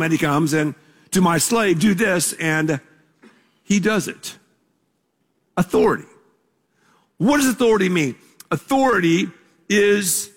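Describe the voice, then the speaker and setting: A man preaching a sermon as pastor, conversational and emphatic, asking the congregation to repeat words with him. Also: sits high. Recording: long reverb of a large hall.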